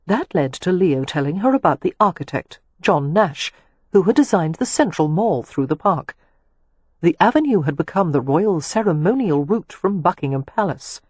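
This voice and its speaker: Husky narrator reading a romance novel, steady pace, dry close mic. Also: mid-range voice, dry recording. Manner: measured, even storytelling. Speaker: audiobook narrator. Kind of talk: scripted narration.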